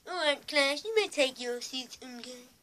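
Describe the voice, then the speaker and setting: A boy voicing an adult male cartoon school counselor, giving slow, drawn-out classroom instructions. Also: very high-pitched, animated, pushed and bright, voice pushed up, full character voice. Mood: instructing.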